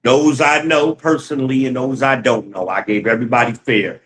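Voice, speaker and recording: Casual livestream host, a man. Loose, profane and animated, mid-pitched voice. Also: normal speed, a little hiss or hum, poor audio. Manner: profane, animated, laughs often, talks to chat as y'all. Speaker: livestream host reading chat.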